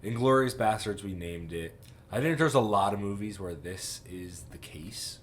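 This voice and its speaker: A young man co-hosting a casual movie chat, relaxed, often trailing off quietly at the ends of his thoughts. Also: lowish voice, moderate pace, a little hiss or hum. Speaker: podcast co-host.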